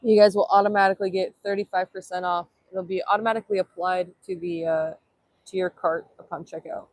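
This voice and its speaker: A young woman livestreams outdoors at sunrise on a handheld phone, chatting casually and playfully reading the chat aloud. Her voice is lowish and steady in tone, fairly quick. The recording is dry.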